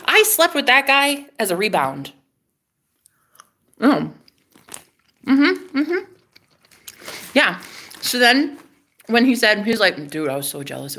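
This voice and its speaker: A chatty woman telling a dramatic story to her camera, swearing freely. Her voice sits fairly high and sounds bright and sharp. She swings from near-whispers to loud, excited bursts. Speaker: vlogger. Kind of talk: casual storytelling vlog.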